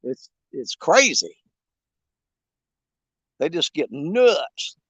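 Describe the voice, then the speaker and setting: A man's voice: a little high, big pitch swings, very slow, fairly bright tone, slightly rough, no echo. A man chatting on a fishing livestream from a riverbank, joking and rambling in a folksy way. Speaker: fishing vlogger. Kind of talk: casual livestream chat. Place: outdoors on a riverbank.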